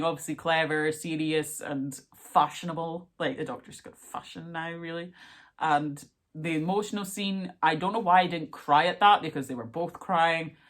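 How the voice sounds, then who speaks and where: A young woman talking through a casual reaction vlog in a chatty, excitable way, full of fillers and asides. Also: sits low. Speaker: vlogger.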